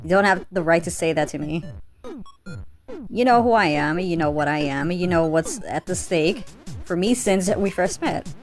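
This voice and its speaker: A woman's voice: on the low side, lively intonation, normal speed, faint music behind, close to an everyday voice. A woman reading the lines of an earnest young female bunny police officer in a comic, with an emotional, pleading delivery.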